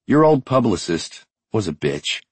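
A tired but unbending widow speaks plainly and earnestly, as a male audiobook narrator reads her lines. The voice sits very low and husky. It is close and dry, with no room around it. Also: big pitch swings, a little slow, no echo, heavily acted. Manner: blunt, earnest. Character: grieving widowed woman, tired but strong. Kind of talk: audiobook character reading.

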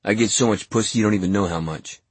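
A man voicing a crude, boastful adolescent school bully in a loud, brash way. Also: on the low side, fast, breathy edge, no room sound.

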